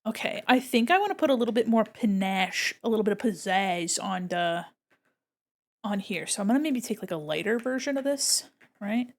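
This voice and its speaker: With an animated, mid-range voice at normal speed, a woman chats with viewers during a live stream as she paints digital art. She thinks aloud in a bubbly, rambling, casual way, with lots of giggles.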